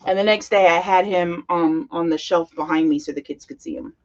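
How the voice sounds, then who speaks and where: Fairly low in pitch and a little fast, this middle-aged woman gushes and chats as she works on a scrapbook page at her craft desk. The highs are cut off in the recording. She teaches and hosts a crafting channel.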